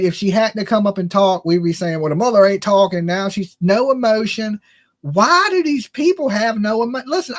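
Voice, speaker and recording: A man's voice: high voice, a bit bright. A middle-aged man hosting a casual livestream, blunt and opinionated, talking straight to his chat. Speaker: true crime livestream host.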